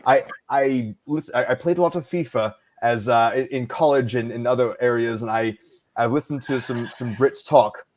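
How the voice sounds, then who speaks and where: Male narrator guest, mid-pitched, casual, thinks aloud and restarts as he explains. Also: a little hiss or hum. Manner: halting, thoughtful explainer. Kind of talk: casual conversation.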